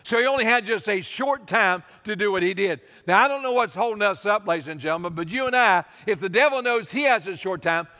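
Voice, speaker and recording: A man's voice: high voice, expressive, a little fast, few pauses, bright, forceful tone, long reverb tail, lo-fi sound. A man preaching a sermon as pastor, fervent and repetitive, appealing straight to the congregation. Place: church sanctuary.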